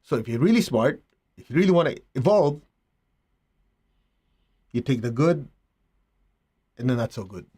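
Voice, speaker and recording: A middle-aged man, a spiritual teacher, giving a slow, reflective talk with rhetorical asides. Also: medium pitch, lively intonation, dark tone, slightly rough.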